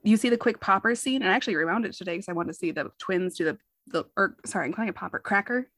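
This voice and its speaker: A woman co-hosting a podcast in casual chat, animated and swearing, often acting out lines in quotes. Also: mid-range voice, racing, no echo. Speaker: podcast co-host.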